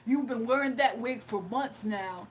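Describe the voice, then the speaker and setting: A woman imitating a crude, abusive male caller who sneers out repetitive insults in a lower, louder voice. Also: a little slow, a little hiss or hum, natural voice. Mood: sneering.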